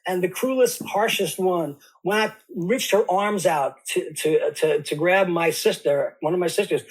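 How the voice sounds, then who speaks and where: A man in his sixties, a podcast guest, recounting family history in a halting way with many restarts. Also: high-pitched, husky, low-quality recording. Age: 60s. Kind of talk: conversational interview.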